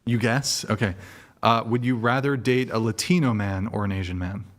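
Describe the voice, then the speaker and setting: A man's voice: fairly low pitch, fairly even intonation, a bit bright. Teasing male debate host. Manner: teasing, quick questions. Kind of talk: casual dating debate.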